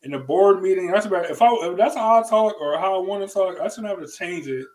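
A man's voice: sits high, expressive, fast talker, a little mellow, poor audio. A man co-hosting a podcast in casual chat, loose and repetitive, full of fillers. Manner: loose, repeats phrases, lots of fillers. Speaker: podcast co-host.

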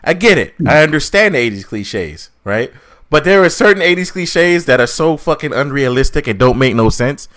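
A man's voice: a little high, animated, normal speed, crowd noise. A man co-hosting a podcast, ranting in casual chat with a lot of swearing and mocking asides. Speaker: podcast co-host reviewing a film.

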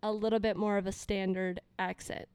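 A woman's voice: medium pitch, little pitch movement, brisk, darkish tone, clean tone, no echo. A woman hosting a podcast, chatting casually and rambling along. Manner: rambling, lots of fillers. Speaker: podcast host. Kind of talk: casual chat.

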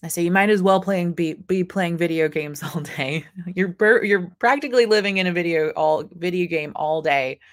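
Earnest woman giving a motivational talk. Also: on the low side. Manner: earnest, acts out inner voices. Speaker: host. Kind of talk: motivational live stream talk. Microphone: camera mic.

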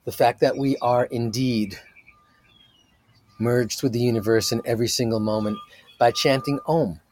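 A man leading a guided meditation as its teacher, talking softly and drawing out each phrase. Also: medium pitch, fairly even intonation. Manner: slow, soft-spoken, drawn-out phrasing.

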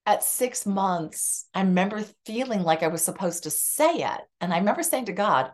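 A woman's voice: medium pitch, normal speed. A middle-aged woman, a psychotherapist, telling a personal story candidly in a conversation and acting out the lines of the people in it. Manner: animated, acts out quoted dialogue. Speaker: psychotherapist guest.

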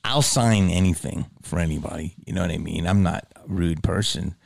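Gravelly man telling loose stories. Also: fairly quick, no echo, studio quality. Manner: animated storyteller, swears freely, drops to low mutters. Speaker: podcast host. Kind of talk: casual chat.

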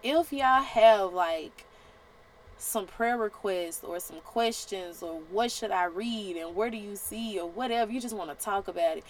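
A woman's voice: medium pitch, a little hiss or hum, low-quality recording. A woman hosting a podcast, giving a faith-based motivational talk in an emphatic, exhorting, colloquial way. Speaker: podcast host.

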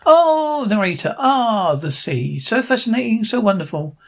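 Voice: medium pitch, very animated, measured pace. A fan reader voicing a theatrical male nature narrator who gushes over sea life, in a cartoon retelling. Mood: swooning. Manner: swooning, theatrical.

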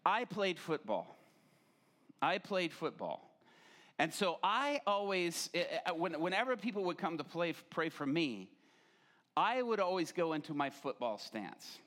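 A pastor with a high, very lively voice tells a story from the pulpit and plays it for laughs. His pitch climbs and drops as he acts out each person in the tale. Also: normal speed. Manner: animated, acts out quoted voices. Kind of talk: humorous sermon storytelling.

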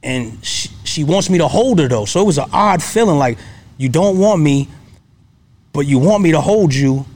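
A man's voice: fairly high pitch, expressive, normal speed, darkish tone. A man in his thirties, a guest telling a personal story in casual, earnest talk, often checking in with "you know what I mean".

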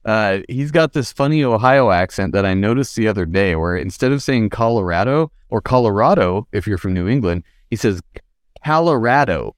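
A man's voice: fairly low pitch, brisk, few pauses, clean tone, no room sound, studio quality. A man from California, a podcast guest chatting casually and joking around. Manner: animated, joking, mimics accents. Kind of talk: casual chat.

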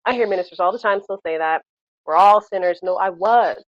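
A woman's voice: mid-range voice, fast talker, lo-fi sound. A woman co-hosting a casual faith podcast chat, talking passionately and animatedly with many fillers like "you know.".

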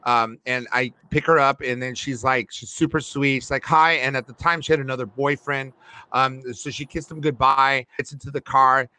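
A man hosting a podcast, telling long, animated stories in a casual chat. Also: mid-range voice, moderate pace, smooth. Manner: long-winded, animated storyteller. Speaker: podcast host.

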